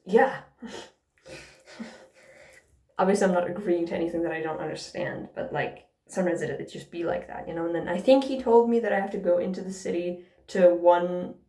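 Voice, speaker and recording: A woman's voice: on the low side, brisk, mellow. A woman vlogger telling a casual, sarcastic storytime rant and swearing freely along the way. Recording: roomy echo.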